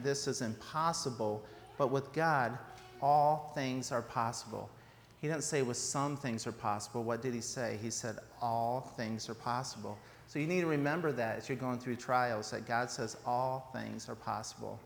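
A man preaching an informal sermon in a church, chatty and joking, with fillers and restarts. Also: medium pitch. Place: church sanctuary. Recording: reverberant church hall, faint background noise.

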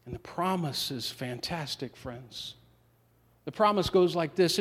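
A man preaching a sermon as a pastor, building with swells of emphasis and dramatic pauses. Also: on the high side, lively intonation. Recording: long reverb of a large hall.

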